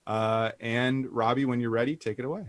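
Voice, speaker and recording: A man hosting a comedy stream, reading stage directions aloud in a deadpan way with ad-libbed asides. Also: mid-range voice, a little fast, no room sound. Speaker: host.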